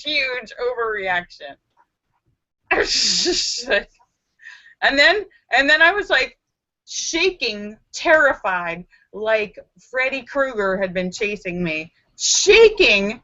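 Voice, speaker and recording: A woman vlogger telling a story to camera in a casual, animated way, acting out her own screams and lines of dialogue. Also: a little high, muffled recording.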